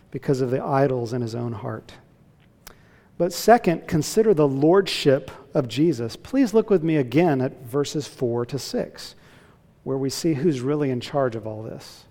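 A man's voice: on the high side, dark tone. A man preaching an emphatic expository sermon as pastor, voice rising for emphasis. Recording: hall with long reverb.

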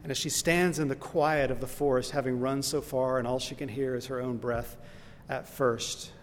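A man's voice: medium pitch, steady tone, moderate pace, slight background noise. A man preaching a sermon, earnest and emphatic, who builds into impassioned lists and retells a story along the way. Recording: long reverb in a large hall.

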